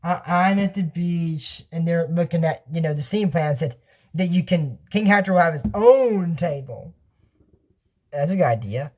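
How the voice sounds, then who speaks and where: A man's voice: a little high, expressive, normal speed, a little mellow. A young man casually recapping a cartoon episode, rambling with restarts and laughing at his own jokes.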